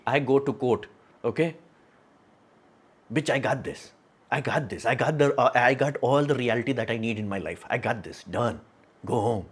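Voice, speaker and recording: A man's voice: mid-range voice, expressive, normal speed, breathy edge. A man hosting a casual livestream, talking frankly and rambling, with many fillers and frequent laughs. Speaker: livestream host.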